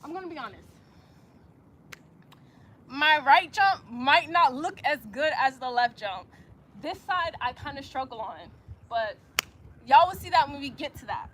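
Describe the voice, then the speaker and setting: Woman, encouraging yoga guide, bright high voice, outdoors. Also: expressive, measured pace, long pauses, slight background noise. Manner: chatty, encouraging, says y'all a lot. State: out of breath at times. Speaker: yoga instructor. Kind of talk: guiding a yoga practice. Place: outdoors in the sun.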